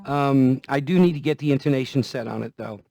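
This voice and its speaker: Speaking briskly with vocal fry at a medium pitch, a vlogger chats folksily about looking after guitars. He keeps circling back to the same points, and bits of guitar playing turn up now and then.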